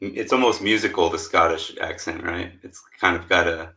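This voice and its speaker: Brief: low, forceful American man, teasing and rambling, echoey room on a call. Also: fairly even intonation, moderate pace, gravelly. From United States. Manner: teasing, rambling, self-interrupting. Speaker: livestream co-host. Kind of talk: casual joking chat.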